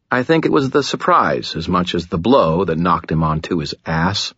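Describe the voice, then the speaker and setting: A man's voice: deep voice, a bit bright, slightly rough, dry recording, dull audio. A man narrating a first-person audiobook in a gritty, tense storytelling manner.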